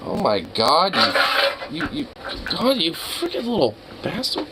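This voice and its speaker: A man's voice: fairly high pitch, wildly swooping pitch, measured pace, very noisy. A young man with a cold, casually talking to his dog in an exasperated, teasing way and swearing often. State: has a cold. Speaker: vlogger.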